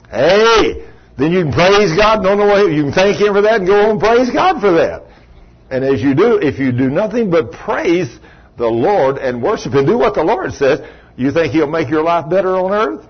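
Husky-voiced man preaching a lively sermon. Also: a little high, normal speed. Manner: animated storytelling, acting out quoted voices. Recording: dull lo-fi recording.

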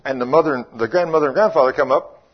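Husky preacher, folksy storyteller. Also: male voice, a little high, very fast. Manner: folksy, acts out quoted voices, shifts between loud rebukes and quiet asides. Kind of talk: sermon with storytelling. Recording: muffled lo-fi sermon recording.

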